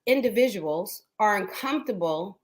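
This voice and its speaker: A woman's voice: medium pitch, lively intonation, normal speed. A woman co-host in a casual chat, talking in an earnest way and often asking "right?". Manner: earnest, asks "right?" for agreement.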